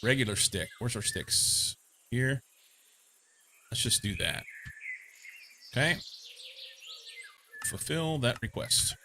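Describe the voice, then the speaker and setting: A man's voice: mid-range voice, big pitch swings, takes it slowly, pauses often, background noise. A young man from Missouri streaming a game, chatting casually and rambling with lots of fillers. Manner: rambling, meandering, many fillers. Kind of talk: casual chat while playing a game.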